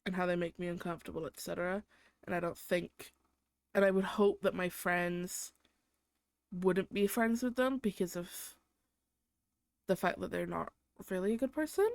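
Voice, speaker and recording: A woman's voice: lowish voice, fairly even intonation, normal speed, vocal fry, pauses often, no echo. A young woman hosting a solo podcast, venting in an exaggerated, profane way about everyday annoyances. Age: young adult. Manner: exaggerated, swears constantly, vents about her boyfriend. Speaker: podcast host.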